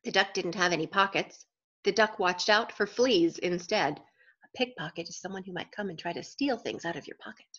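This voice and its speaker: A woman's voice: medium pitch, brisk, fairly bright tone. Children's book reader, woman, playful asides to kids; muffled recording. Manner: playful, questions to young listeners. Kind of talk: reading a picture book aloud with asides to children.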